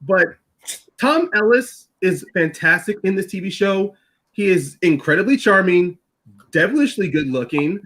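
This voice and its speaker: A man with a notably high voice, chatting casually on a group podcast. He talks in an animated way, with laughter and quick asides. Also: rough recording. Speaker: podcast panelist.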